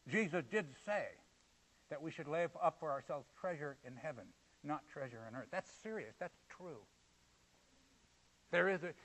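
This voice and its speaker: A man preaching a sermon, swinging between loud, emphatic points and quiet, low asides. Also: poor audio.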